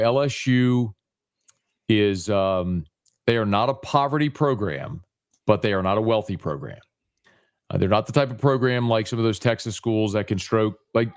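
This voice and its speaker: A man's voice: fairly low pitch, smooth. A man from Louisiana, a guest sports reporter, talking in an emphatic, casual way. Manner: emphatic, calls host buddy and man.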